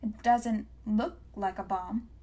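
A woman's voice: medium pitch, fairly even intonation, slow, dark tone. A woman reading an audiobook, voicing a brave, headstrong teenage girl who pleads and protests. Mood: earnest.

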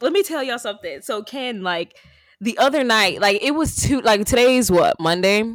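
A young adult woman co-hosting a podcast, telling stories in a chatty, animated way with lots of "like". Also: fairly high pitch, moderate pace, no echo. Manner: chatty, animated storytelling with many "like"s. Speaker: podcast co-host. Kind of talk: casual chat.

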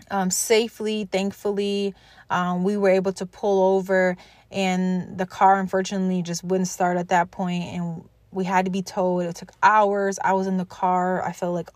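A woman's voice: medium pitch, no echo. A woman hosting a motivational podcast, talking to listeners directly in an earnest, encouraging way. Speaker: podcast host.

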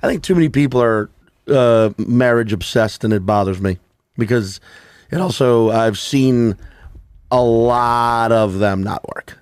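A man's voice: mid-range voice, measured pace, darkish tone, smooth, no room sound, studio quality. A man hosting a podcast, riffing in casual comedic chat with profane, crude jokes. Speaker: podcast host.

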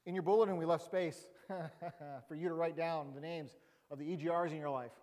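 A man's voice: fairly high pitch, steady tone, brisk, a little mellow, long reverb tail. A man pastor preaching a sermon in a conversational, humorous way with emphatic rising bursts.

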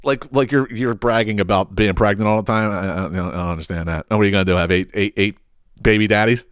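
A man's voice: on the low side, fast, smooth, dry recording, studio quality. A young man hosting a podcast, ranting bluntly and with lots of cursing, exasperated. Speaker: podcast host.

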